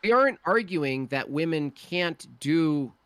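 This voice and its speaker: A man in a casual debate, talking with many fillers, pauses and restarts. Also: fairly high pitch, expressive, fairly bright tone, clear, resonant tone, dry recording. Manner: hesitant, lots of fillers and restarts.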